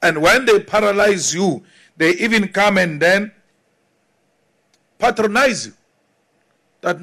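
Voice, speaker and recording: A high-pitched man with a South African accent delivers a rally speech at an unhurried, deliberate pace. His oratory is defiant and emphatic, driving points home through repetition. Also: a bit bright. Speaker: political speaker.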